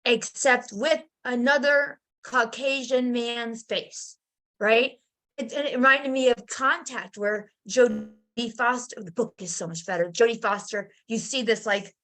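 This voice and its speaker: Middle-aged woman guest, somewhat high voice, chatty and animated storyteller. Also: measured pace. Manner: animated, acts out voices in her stories. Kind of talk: casual storytelling.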